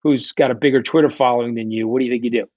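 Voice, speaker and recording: A man's voice: medium pitch, fairly even intonation, racing, warm tone, dry recording. Blunt, profane New man. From New York. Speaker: guest, fund founder. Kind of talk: candid storytelling interview. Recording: dull, dry lo-fi sound.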